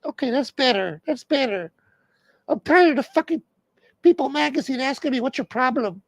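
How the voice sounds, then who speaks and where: A shrill, whiny wife scolding her sulky star husband. She nags in a lively, swooping voice, loud and dry with no room sound. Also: normal speed, vocal fry, dry recording, exaggerated voice, low-quality recording. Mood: nagging, scolding. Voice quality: shrill high falsetto. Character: nagging, exasperated wife of a grumpy movie star. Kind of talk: comedic impression in a rant.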